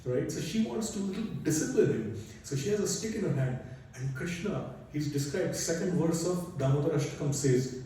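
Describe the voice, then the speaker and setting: A man tells a sacred story as a sermon, talking conversationally and often checking in with his listeners. His voice sits slightly high and sounds mellow. The sound is heavily echoey, picked up from a distance with faint background hum. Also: animated, moderate pace. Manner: conversational, with frequent "right?" and "you know". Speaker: speaker at a temple gathering. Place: large temple hall. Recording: echoey hall from far off.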